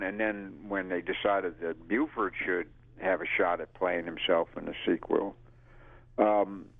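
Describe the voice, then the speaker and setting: Older man, deep gravelly voice, lively storyteller, tinny phone line, dry sound. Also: no echo. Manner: lively storyteller who acts out quotes and laughs. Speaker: actor interviewee. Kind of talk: casual anecdotal interview.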